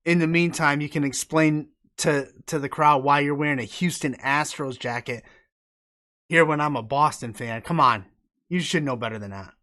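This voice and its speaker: A man's voice: on the high side, moderate pace, pushed and bright. A man from upstate New York hosting a live podcast interview, joking loosely and cursing now and then. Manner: joking, loose, swears casually. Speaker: podcast host. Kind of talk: casual live interview chat.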